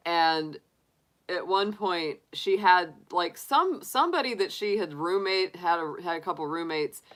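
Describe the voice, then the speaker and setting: A middle-aged woman telling stories on a livestream in a bright, clear voice, slow and unhurried. She talks casually, laughs often and stumbles through restarts and fillers. Her voice sits a little low. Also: expressive. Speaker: tarot reader livestream host. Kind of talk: casual chat to live viewers.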